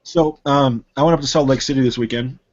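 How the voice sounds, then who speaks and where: A man telling stories in casual podcast chat, swearing a lot and getting loud and indignant. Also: medium pitch, steady tone, fairly quick. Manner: ranting storyteller, swears often, gets loud and indignant. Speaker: podcast co-host. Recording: dull lo-fi sound.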